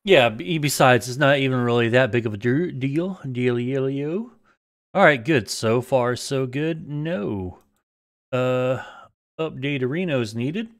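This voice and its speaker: Excitable man streamer, very lively pitch. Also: slow. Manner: excitable, swearing, prone to sudden yelling outbursts. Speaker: game streamer. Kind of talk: casual live-stream chat while gaming.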